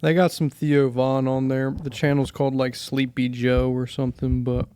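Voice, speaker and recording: A man's voice: medium pitch, little pitch movement, moderate pace, dark tone, clean tone, no echo. A young man hosting a podcast, telling stories in loose, profane, laughing casual chat. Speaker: podcast host.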